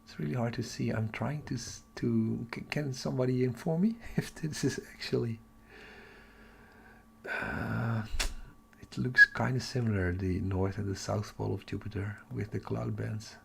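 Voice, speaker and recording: Gravelly excited man thinking aloud. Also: on the low side, moderate pace, slight background noise. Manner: excited, thinking aloud, drops to a whisper at times. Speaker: astronomy livestream host. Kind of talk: live-streamed casual chat. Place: home at night.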